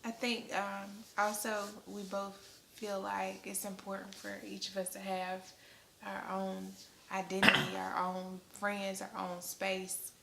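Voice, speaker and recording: A woman in her thirties, a wife in casual couple chat, speaking softly and calmly and laughing often. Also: medium pitch, a little slow, vocal fry. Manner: soft-spoken, calm, laughs often. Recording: echoey room with faint noise.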